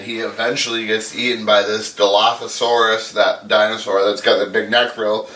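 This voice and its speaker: A man's voice: lowish voice, flat delivery, normal speed, bright, forceful tone, recorded from a distance. A man giving a crude, sarcastic comedic recap of a movie, swearing constantly. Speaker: podcast host. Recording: echoey room, off mic.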